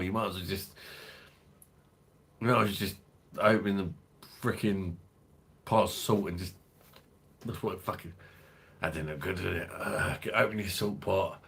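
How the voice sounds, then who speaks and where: On a laid-back livestream, a London-accented man with a very deep, low, slightly breathy voice hosts a beer review. He rambles through viewer comments, swearing freely and cracking crude jokes.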